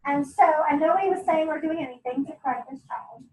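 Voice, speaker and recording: A middle-aged woman with a high voice tells her family story to a group in a chatty, candid way, laughing often and turning to the listeners with asides. She stands some way from the mic, and the room gives her voice a clear echo. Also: quick pace, a little mellow, soft background music. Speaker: homeschooling parent sharing her story. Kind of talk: casual talk to a group. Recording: echoey room, mic at a distance.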